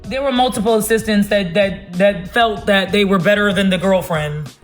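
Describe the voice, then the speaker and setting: A woman talking loudly and bluntly in a casual livestream rant on her phone. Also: mid-range voice, normal speed, music in the background. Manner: loud, blunt and emphatic.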